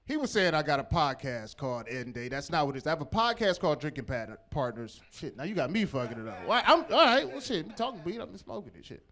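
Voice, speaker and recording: Animated high-voiced stand-up comic. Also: male voice, quick pace, few pauses. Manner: loud, animated, profane storytelling with crowd work. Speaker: stand-up comedian. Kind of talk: stand-up comedy set. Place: comedy club stage.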